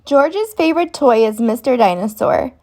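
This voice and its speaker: A woman reading a children's storybook aloud, slow, expressive and clear for young listeners. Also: fairly high pitch.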